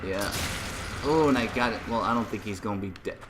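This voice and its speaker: A man's voice: fairly low pitch, fairly quick, crowd noise. A man with a Boston accent giving laid-back, self-mocking commentary while playing a video game. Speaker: let's play gamer. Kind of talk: casual gameplay commentary.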